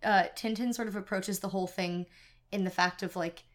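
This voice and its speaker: A woman's voice: mid-range voice, fairly even intonation, a little fast. A woman in a casual book discussion, easygoing and rambling, with plenty of fillers.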